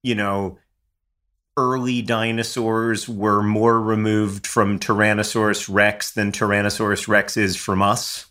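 A man's voice: on the low side, level tone, unhurried, bright, forceful tone. Wry, teasing male podcast co-host. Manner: wry and teasing, laughs often. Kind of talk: casual chat.

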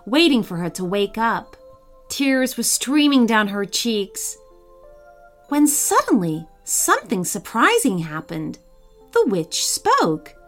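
A woman reads a children's story aloud with a fairly high voice that rises and falls in lively swings. Her expressive storybook delivery is carried over soft background music. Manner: expressive, animated reading.

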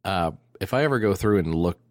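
Deep-voiced crude podcast host, rambling. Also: male voice, animated, fairly quick, no echo, studio quality. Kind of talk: casual comedy chat.

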